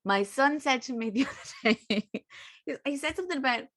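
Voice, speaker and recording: Host, woman, slightly high voice with a lively swinging pitch, animated storyteller on a video call. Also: a little fast. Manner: animated storyteller, laughs often. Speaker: podcast host. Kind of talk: casual interview chat.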